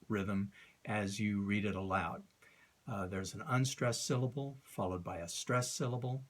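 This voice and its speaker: A man, an author, explaining a poetic rhythm in an informal lesson, talking unscripted with many ums and uhs and reciting verse slowly. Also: lowish voice, fairly even intonation.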